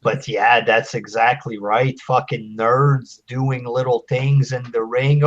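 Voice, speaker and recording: A man hosting a live chat show, ranting slowly and profanely with open scorn. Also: mid-range voice, level tone, lo-fi sound. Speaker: podcast host.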